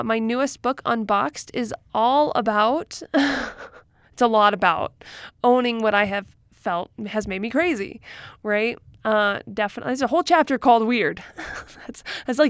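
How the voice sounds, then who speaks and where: A woman's voice: a little high, fairly bright tone, no room sound, clean studio sound. A woman hosting a solo self-help podcast, giving an encouraging pep talk with playful asides and frequent laughs. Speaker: podcast host.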